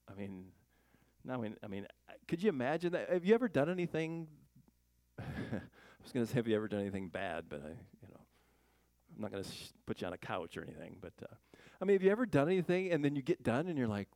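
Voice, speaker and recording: A male Bible teacher with a gravelly, low-textured voice, recorded close and dry. He reads scripture aloud, then comments on it in a loose, conversational way. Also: sing-song, brisk, darkish tone, no echo. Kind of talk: casual verse-by-verse Bible teaching.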